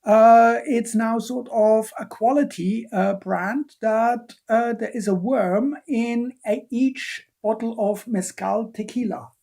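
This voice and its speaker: A man's voice: very high-pitched, steady tone, takes it slowly, gravelly, hardly any pauses, darkish tone. A man giving a live-streamed biochemistry lecture, talking hesitantly with many fillers and playful asides while he answers questions from the chat.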